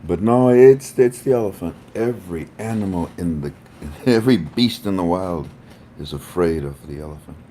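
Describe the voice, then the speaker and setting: A man's voice: sits low, expressive, moderate pace, dark tone. A man hosting a casual livestream, chatting with viewers in a playful, joking, rambling way. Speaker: livestream host.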